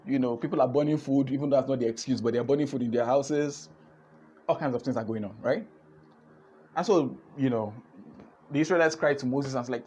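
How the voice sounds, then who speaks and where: A man with a Nigerian accent hosts a live online business session, talking in an animated way and repeating his words. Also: medium pitch, brisk, a little hiss or hum. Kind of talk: lively live-stream talk.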